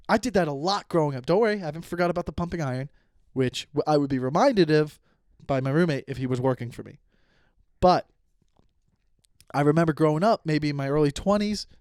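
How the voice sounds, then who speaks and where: A man in his thirties hosts a solo comedy podcast, drifting from tangent to tangent with plenty of swearing and frequent restarts. His voice sits a little high for a man. It sounds close and dry, with no room echo. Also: darkish tone. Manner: profane, self-interrupting, goes off on tangents. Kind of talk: rambling solo podcast monologue. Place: at home, lying down.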